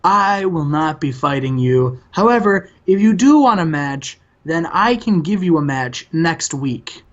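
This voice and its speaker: A man putting on the voice of a loud, boastful male wrestling manager with a strutting promo delivery. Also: a little high, animated, a little slow, highs cut off. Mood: officious.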